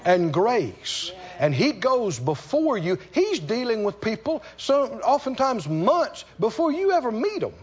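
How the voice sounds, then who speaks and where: High-pitched animated preacher man. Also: muffled recording. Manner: storytelling with animated asides and laughter; emphatic, repeats key lines slowly. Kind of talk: sermon.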